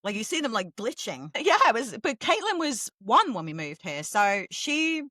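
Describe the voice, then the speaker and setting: A middle-aged woman from England, co-hosting a podcast in casual chat, talking fast and swearing freely. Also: a little high, very animated, pushed and bright, dry recording. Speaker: podcast co-host.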